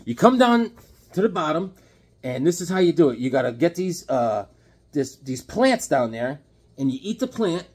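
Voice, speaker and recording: A man's voice: fairly high pitch, sing-song, moderate pace, a little mellow, slightly rough. A man voicing an odd adult man in a comic story who walks on water and eagerly explains how it is done. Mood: coaxing.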